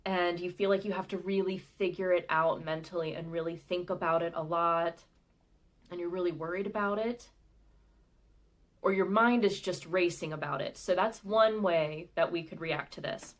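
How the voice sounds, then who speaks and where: A woman hosting a live pick-a-card tarot reading, talking in a gentle, chatty and intuitive way with many casual fillers. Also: lowish voice, steady tone, moderate pace.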